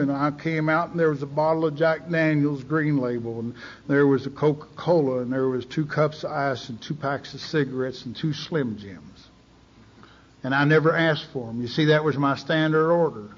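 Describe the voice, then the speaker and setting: Folksy texas guy telling his story at a meeting, kinda high voice, muffled old tape sound. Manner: folksy, candid, drops to near silence in heavy moments. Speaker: recovery meeting speaker. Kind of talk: storytelling talk. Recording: dull lo-fi tape recording.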